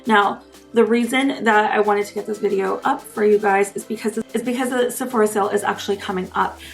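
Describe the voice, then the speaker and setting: A young woman chats through a makeup review with a gravelly, fry-laden voice. She talks in an easygoing, gushing way, clearly delighted with what she is showing, and her pitch sits in a middle range. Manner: gushing and enthusiastic. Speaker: beauty vlogger.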